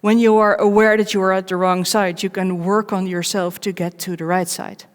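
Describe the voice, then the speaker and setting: A woman delivers a conference talk in a large hall, and her voice carries a long reverb. Her pitch sits in the middle range. She speaks in short, measured phrases and stays candid and personal, with wry jokes at her own expense. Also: level tone. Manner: candid and personal, with wry self-mocking asides.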